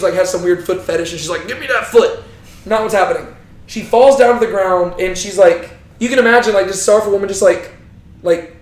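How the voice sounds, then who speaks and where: A young man leading a casual Bible study, lively and conversational, asking his group questions as he explains the text. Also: high voice. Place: echoey room with a small group. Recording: roomy echo.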